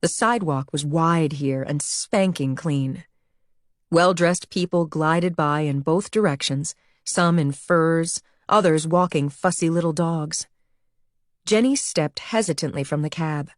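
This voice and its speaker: An audiobook narrator reads a thriller script in a low female voice, speaking a little slowly. The recording is dry and of studio quality.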